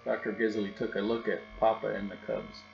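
A man narrating a children's storybook aloud in a steady, gentle way. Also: lowish voice, brisk, creaky. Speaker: storybook reader. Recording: dull recording with faint hum.

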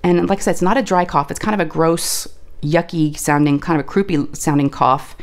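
A woman talks through her craft project in a relaxed, chatty way. Her voice sits low, and right now it is roughened and scratchy from allergies. She drops in "y'all" as she talks to her viewers. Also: a little fast. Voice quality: folksy and chatty, says "y'all". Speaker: crafting video host. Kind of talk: casual chat while crafting.

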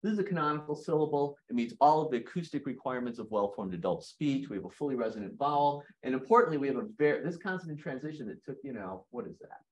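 A man giving an academic lecture in a hall, lively and joking with his audience. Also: medium pitch, fast talker, few pauses.

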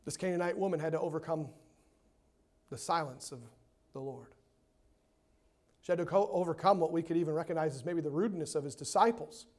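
High-voiced emphatic male preacher. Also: fairly quick, pauses often. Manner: emphatic, swings between loud and hushed; repeats words when stressing points. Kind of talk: sermon. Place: church sanctuary.

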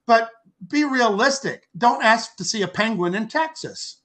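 An older man with a high voice tells a long personal story as a podcast guest. His tone is bright and forceful. He rambles, repeats words and acts out what people said. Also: a little slow. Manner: acts out quoted speech with lively voices. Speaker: podcast guest, author and artist.

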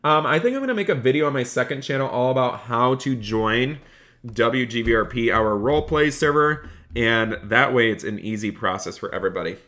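Animated and a little fast, a man with a bright, forceful mid-range voice provides live-stream gameplay commentary. He chats upbeat with viewers, thanks them by name, and slips into the role of a polite police officer with players.

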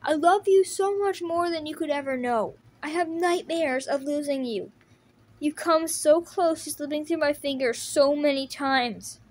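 A woman's voice: high voice, a little slow. A woman voicing a tough but emotional teenage boy turtle, earnestly pleading with his brother. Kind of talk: fan audio drama voice acting.

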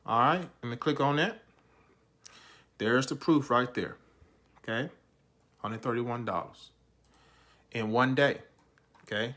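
A man with a mid-range voice talks viewers through his screen in a pushy, salesy patter. He circles back on the same phrases and keeps calling his audience "guys". The ends of his lines often drop away to a quieter murmur. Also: mid-range voice, takes it slowly, pauses often. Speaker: online income promoter. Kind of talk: hyped screen-share walkthrough.

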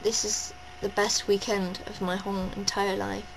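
A woman vlogging at home, gushing and rambling in a breathless, excited rush. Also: mid-range voice, moderate pace, vocal fry, a little hiss or hum, poor audio. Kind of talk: excited personal vlog. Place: at home indoors.

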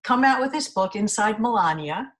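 A woman's voice: on the high side, animated, moderate pace, low-quality recording. A woman correspondent asking interview questions in an enthusiastic, complimentary way.

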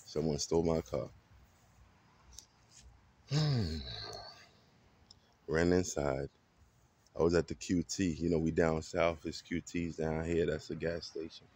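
A man with a very low voice recounts a story straight to the camera. He talks casually and dramatically, acting out the quotes and leaning into every twist. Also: slow pace, long pauses. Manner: animated, dramatic retelling with acted quotes. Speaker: vlogger.

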